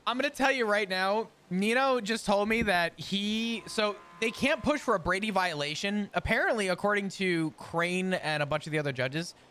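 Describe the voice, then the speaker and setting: A man's voice: high voice, normal speed, few pauses, sharp tone, a little hiss or hum. A man in casual roleplay chat, rambling through long explanations and laughing often. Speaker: roleplay character in a court case.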